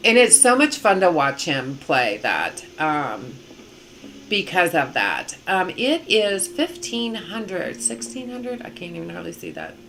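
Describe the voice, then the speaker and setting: A woman's voice: on the low side, very animated, unhurried, noisy background. Rambling middle-aged woman streamer. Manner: rambling, with many ums and restarts. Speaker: game streamer. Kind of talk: casual live-stream chat.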